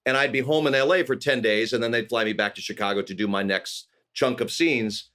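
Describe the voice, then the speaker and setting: A middle-aged man from California, a guest actor telling lively anecdotes in an interview and acting out the people he quotes. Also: medium pitch, fairly quick. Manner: animated anecdotes with voiced quotes. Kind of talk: storytelling interview.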